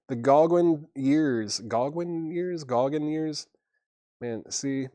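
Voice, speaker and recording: A man's voice: medium pitch, a little mellow, dry recording, clean studio sound. A man hosting a live vinyl record sale, casually reading out albums, prices and buyer names and chuckling at himself. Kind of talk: casual live-stream selling.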